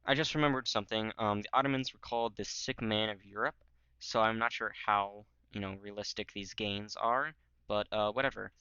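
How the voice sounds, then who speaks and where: A man's voice: lowish voice, fairly even intonation, fairly quick, pushed and bright, clean tone, dry recording. Rambling young man on a dull mic. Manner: rambling, many fillers, jokey voices for nations. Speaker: history video creator. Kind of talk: casual map commentary.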